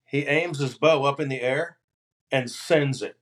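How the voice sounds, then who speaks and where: A man with an ordinary middle-pitched voice tells hunting stories as a podcast guest. He talks loosely and with energy and lands his punchlines deadpan. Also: unhurried. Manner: animated, deadpan punchlines in anecdotes. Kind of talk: casual podcast storytelling.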